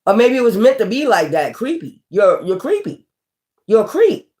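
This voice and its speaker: A woman's voice: medium pitch, very animated, normal speed, a little mellow. A woman tarot reader in a casual, scornful rant, blunt and profane, hammering her points home by repeating them. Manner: repetitive, emphatic.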